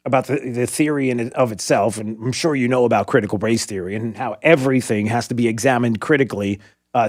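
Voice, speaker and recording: A man's voice: medium pitch, no room sound, clean studio sound. Rambling male talk radio host. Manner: rambling, many fillers and restarts. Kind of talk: casual talk radio monologue. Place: radio studio.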